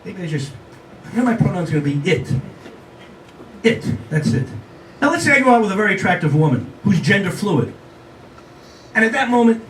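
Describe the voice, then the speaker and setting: Speaking straight to the crowd, a comedian in his sixties delivers conversational, self-deprecating stand-up in a live venue. He has a high voice, and the distant, roomy recording carries a little hiss or hum along with audible audience sound.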